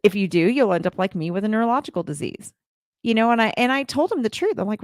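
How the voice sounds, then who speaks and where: A woman's voice: medium pitch, sing-song, fast talker, no echo, studio quality. A woman in her forties gives a heartfelt motivational talk to live viewers as a community leader, speaking earnestly and repeating her phrases.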